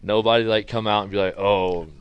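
A man's voice: lowish voice, fairly even intonation, fairly quick, smooth, no room sound, dull audio. A man hosting a casual sports talk show, teasing his co-hosts and joking as he goes. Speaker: show host.

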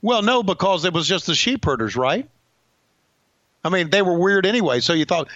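Lively wry man, dull lo-fi sound. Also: high-pitched, normal speed, no room sound. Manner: wry, laughs along, lively. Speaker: wrestling podcast co-host. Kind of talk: casual chat, watching old wrestling.

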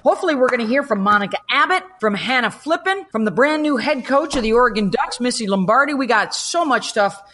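A woman's voice: fairly high pitch, expressive, fast talker, few pauses, fairly bright tone. A woman co-hosting a sports podcast in an upbeat, exclamatory way, promoting upcoming guests. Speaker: podcast co-host. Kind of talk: casual podcast chat.

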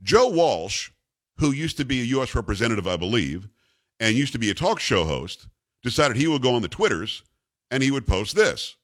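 A man's voice: medium pitch, sing-song, moderate pace, a bit bright. A man hosting a talk radio show, making his points with rhetorical, emphatic questions to his co-host.

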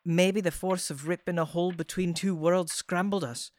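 A woman in an audio drama, playing a calm, reasoning witch. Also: on the low side, moderate pace, a little hiss or hum, natural voice.

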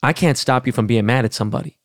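Gravelly, blunt, profane male podcast host. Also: medium pitch, fast talker, no echo, studio quality. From Los Angeles, California. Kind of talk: casual rant.

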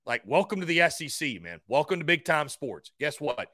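A man's voice: fairly high pitch, sing-song, moderate pace, pushed and bright, dry recording, studio quality. A middle-aged man hosting a sports talk show, blunt and unapologetic as he takes calls.

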